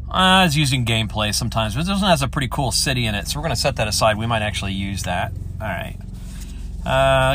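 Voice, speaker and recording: A man hosts his own show in a relaxed, solo chat. He rambles and thinks out loud, perking up with easy enthusiasm. His voice sits at an ordinary middle pitch. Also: a little hiss or hum. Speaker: podcast host.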